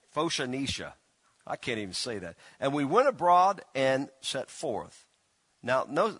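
A man's voice: lowish voice, fairly bright tone, no room sound. A man preaching a casual sermon, folksy and teasing, often restarting and stumbling over his words. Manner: folksy, teasing, halting with many restarts and fillers. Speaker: pastor. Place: church.

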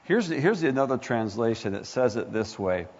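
Here the pastor's mid-range voice has a sing-song quality and a normal pace. His sermon is impassioned, full of rhetorical questions and build-ups that rise almost to shouting, captured in an echoey hall with muffled, low-fidelity audio.

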